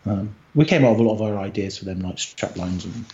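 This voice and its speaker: A man's voice: lowish voice, quick pace, darkish tone, a little hiss or hum. Brief: middle-aged Englishman from the Isle of Wight, easygoing guest, thinks aloud, muffled lo-fi recording. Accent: British. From Isle of Wight, England. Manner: thoughtful, with frequent fillers and restarts. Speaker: guest, agency co-founder. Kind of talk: casual conversational interview.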